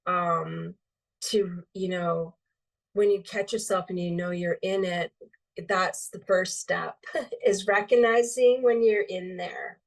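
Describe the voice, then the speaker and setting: Low, gravelly woman, rambling gently. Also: steady tone, slow, far from the mic. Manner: meandering, filler-heavy, lots of um and like. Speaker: guest, intuitive healing medium. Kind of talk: relaxed conversational interview.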